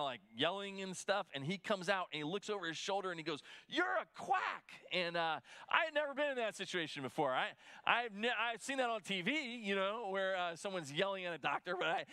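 A man's voice: a little high, bright, forceful tone, smooth. A middle-aged man, a pastor, giving a conversational sermon with a personal story, talking in restarts and fillers.

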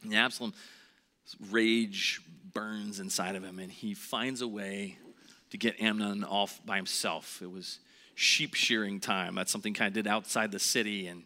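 Pastor, male, bright and forceful tone, earnest sermon delivery, sinks to a hush for weight. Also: lowish voice, steady tone, moderate pace. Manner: earnest, drops to a hush on heavy points.

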